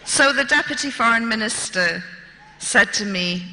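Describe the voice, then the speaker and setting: Woman, bright and sharp tone, wry storyteller at a lecture, long hall echo. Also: on the high side, animated, a little slow. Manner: dry humorous storytelling. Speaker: speaker.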